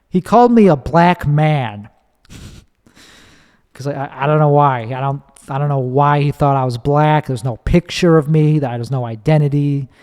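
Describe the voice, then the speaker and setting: A man's voice: fairly high pitch, darkish tone, smooth. A man hosting his own podcast, rambling casually and swearing freely as he tells a story. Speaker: podcast host. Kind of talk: casual solo monologue. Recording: long echoing reverb.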